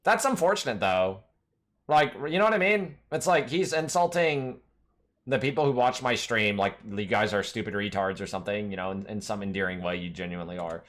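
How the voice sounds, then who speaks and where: A man's voice: on the low side, animated, brisk, a bit bright. A man streaming a game, talking casually to his chat in a rambling, profanity-laden rant that keeps circling back to one point.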